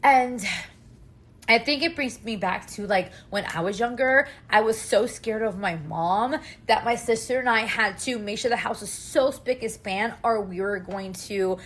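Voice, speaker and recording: A woman's voice: on the high side, unhurried, a bit bright. A woman in her thirties, a mother of three hosting a podcast, venting emotionally and swearing often in a casual monologue.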